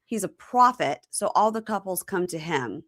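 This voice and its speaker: A woman hosting a casual chat show, retelling scenes with lively acted-out bits. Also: lowish voice, normal speed, no room sound, clean studio sound. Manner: animated storyteller, acts out scenes. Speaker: podcast host recapping reality TV.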